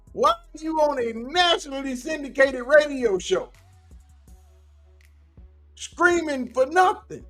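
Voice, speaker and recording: Male commentary host, very high voice, unhurried delivery, incredulous and repetitive. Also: fairly bright tone. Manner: incredulous, hammering repeated rhetorical questions. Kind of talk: reaction commentary.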